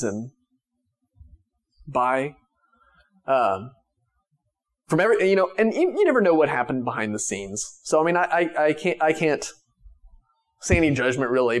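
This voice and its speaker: A man preaching a sermon to his church in a conversational way, with many restarts, swinging from raised emphatic lines to quiet, soft ones. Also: fairly high pitch. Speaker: pastor.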